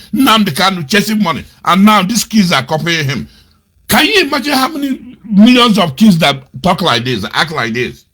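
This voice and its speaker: This man's husky voice carries scornful, indignant political commentary for a web radio show. He reads quotes aloud to mock them, keeps repeating insults, and lurches from low muttering to loud outbursts in his anger.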